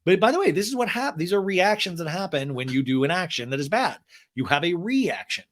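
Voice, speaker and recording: A man hosting a podcast, recapping a TV show with animated, joking asides. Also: sits high, a little fast. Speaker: podcast host. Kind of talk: comedic TV recap.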